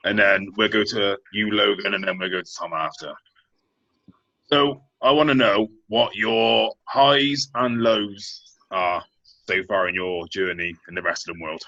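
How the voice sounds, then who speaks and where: A man's voice: on the low side, fairly even intonation, unhurried, sharp tone. A male host, steering a panel through questions in an easygoing way. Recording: dull lo-fi audio.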